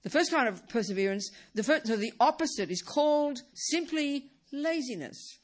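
In a high, expressive voice at a moderate pace, a woman delivers a Buddhist dharma talk. Her delivery comes in bursts full of repeated and restarted phrases, and she often asks listeners rhetorical questions.

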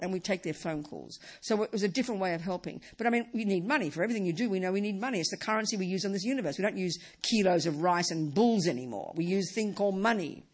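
Husky middle-aged buddhist teacher, mid-pitched, hammers points home by repeating them. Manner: emphatic, repeats key phrases. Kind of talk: dharma talk.

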